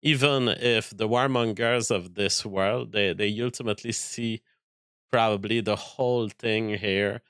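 A man giving casual political commentary as a streamer reading chat, fast and halting with many fillers and restarts. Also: on the low side, fairly even intonation, a bit bright, no room sound.

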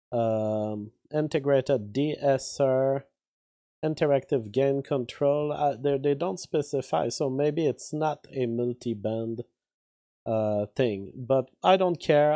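Rambly youtuber guy talking politics, mellow low-key tone, dry close mic, lots of uhs. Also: no echo. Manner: rambling, frequent uh fillers and restarts; reads chat comments aloud. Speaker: YouTube commentator. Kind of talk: casual political commentary and chat. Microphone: studio mic with outboard gear.

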